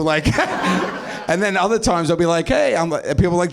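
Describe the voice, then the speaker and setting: A man doing improvised stand-up, animated and swearing, often laughing and acting out voices. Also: a little high, fairly quick. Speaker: stand-up comedian. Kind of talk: improvised stand-up crowd work. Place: comedy club stage.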